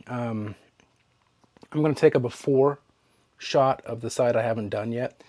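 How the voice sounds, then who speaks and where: A man hosting a knife sharpening channel, talking casually to his viewers in a relaxed, chatty way while he works. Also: mid-range voice, unhurried, no echo. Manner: relaxed and chatty, with fillers and trailing asides. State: hiccups. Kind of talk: casual demo talk to camera.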